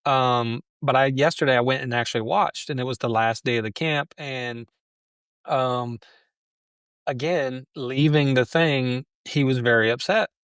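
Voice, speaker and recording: A man's voice: medium pitch, a little slow, fairly bright tone, clear, resonant tone, no room sound. A man who is a guest on a podcast, reflecting on his parenting and telling stories about his son. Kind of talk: conversational interview.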